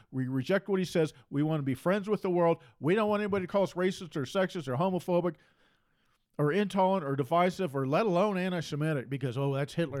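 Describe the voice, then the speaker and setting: Emphatic man preaching, raised voice. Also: a little high. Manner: emphatic and repetitive, hammering phrases. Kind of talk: preaching monologue.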